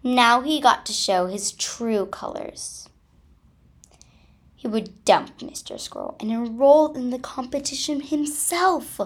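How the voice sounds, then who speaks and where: A woman reading a children's story aloud and closing her channel video, with expressive, dramatic delivery. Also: on the high side, takes it slowly, husky.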